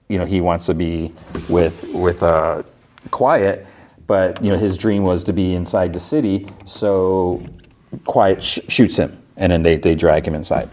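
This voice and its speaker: A man's voice: low voice, measured pace, darkish tone. A man hosting a podcast, casually retelling a TV episode in a rambling way, full of fillers like "like" and "you know.". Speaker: podcast host. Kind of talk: casual show recap.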